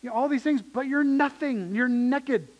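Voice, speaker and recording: A man's voice: very high voice, normal speed, dull audio, voice pushed up. A man voicing Jesus as a grown man, pleading with and rebuking a church. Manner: urgent, scolding, pleading.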